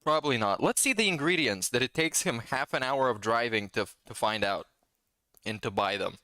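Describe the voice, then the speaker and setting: A man's voice: medium pitch, animated, moderate pace, pushed and bright, dry recording. A blunt man hosts a podcast and talks loosely over clips he is playing. He swears freely and trips over his words, repeating them as he goes. His voice is close and dry, with no room sound around it. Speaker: podcast host. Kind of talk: casual commentary on video clips.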